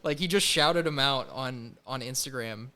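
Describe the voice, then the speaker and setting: A man's voice: medium pitch, moderate pace, sharp tone. A young man co-hosting a comedic podcast, casual and sarcastic, laughing often. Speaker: podcast co-host.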